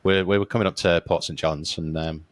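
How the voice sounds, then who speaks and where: Deep-voiced podcast host. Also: male voice, fairly quick, no echo. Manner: relaxed storyteller, swears casually, says mate. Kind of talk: casual interview chat.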